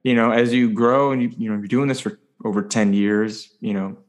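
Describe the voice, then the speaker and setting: A man's voice: fairly low pitch, fairly even intonation. A man in his thirties from Ohio, hosting a casual comedy podcast and asking curious questions. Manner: curious, quick questions and easy laughs. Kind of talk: casual interview chat.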